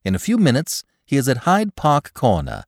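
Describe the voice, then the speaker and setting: A man voicing a flippant, theatrical aristocratic gentleman detective in a storybook reading. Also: mid-range voice, huge pitch swings, normal speed, vocal fry, no echo, clean studio sound, pitched above the performer's own voice, heavily acted. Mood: animated. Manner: breezy, theatrical, whimsical. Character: flippant aristocratic young male sleuth.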